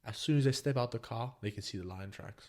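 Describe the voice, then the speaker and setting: A young man from Botswana, a podcast guest, telling a story in a casual, animated way and calling people "bro" as he goes. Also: medium pitch, quick pace. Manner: animated, slangy, keeps saying "bro".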